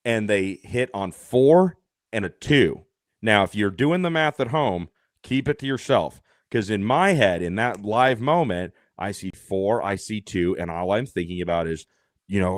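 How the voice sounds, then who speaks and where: A man guesting on a podcast, telling an animated, self-deprecating story with lots of fillers and restarts. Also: on the low side, normal speed, no echo, studio quality. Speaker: podcast guest, race announcer.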